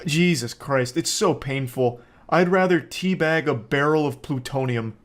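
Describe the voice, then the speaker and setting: A man's voice: a little high, measured pace. A man giving profane comedic commentary as a YouTuber, ranting with sarcastic exasperation and mocking people in put-on voices.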